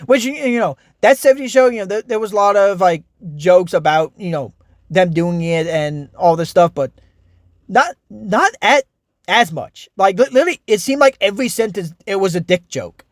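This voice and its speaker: A man's voice: sits high, animated, normal speed, no echo, clean studio sound. A young man giving a casual, frustrated, rambling review of a TV show, full of restarts and fillers.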